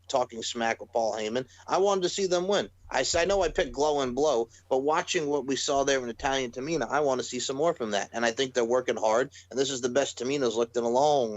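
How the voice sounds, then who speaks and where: A man co-hosting a casual wrestling podcast, excitable and sarcastic. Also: medium pitch, no echo, rough recording. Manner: excitable, sarcastic, swears freely. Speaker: podcast co-host.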